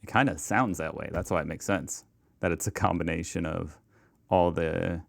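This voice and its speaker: American male reaction host, deep and creaky, chatty. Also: moderate pace. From United States. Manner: chatty, self-deprecating, musing aloud. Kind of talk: casual reaction commentary.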